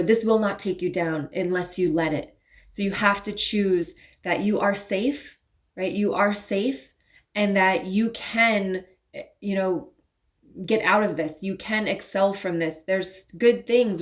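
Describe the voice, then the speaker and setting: A woman doing a spiritual tarot reading, talking casually and earnestly to her viewers and sometimes pleading with them. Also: mid-range voice. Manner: earnest, pleading, gets emotional at times. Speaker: tarot reader and spiritual channel.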